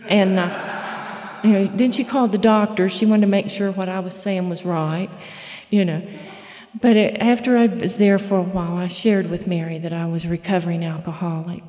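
A middle-aged woman telling her recovery story at a meeting, folksy and halting, full of fillers and restarts. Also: fairly low pitch, steady tone, warm tone, in a large hall, muffled recording. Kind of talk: personal testimony talk.

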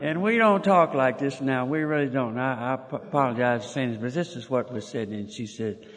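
A man's voice: mid-range voice, fairly quick, a bit bright. An older man, telling a personal story in a folksy way, chuckling and restarting as he goes. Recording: long hall reverb.

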